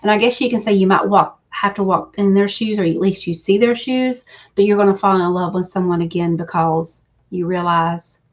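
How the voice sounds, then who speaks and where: A woman's voice: mid-range voice, steady tone, moderate pace. A woman giving readings on a live show, confiding and emotional, chatting with viewers and laughing easily. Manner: emotional, confiding, says y'all, breaks into laughs. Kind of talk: live stream talk with viewers. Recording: slightly dull, lo-fi stream audio.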